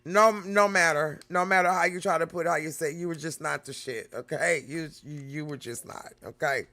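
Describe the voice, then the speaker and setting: A man's voice: on the high side, moderate pace, pushed and bright. A man hosting a reaction video, chatting casually and laughing often, calling viewers y'all and baby.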